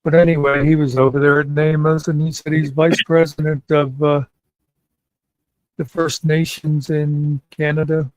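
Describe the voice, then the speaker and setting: A man's voice: a little high, little pitch movement, moderate pace, dry recording, rough recording. A man hosting a casual chat show, rambling and meandering with many fillers. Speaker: podcast host.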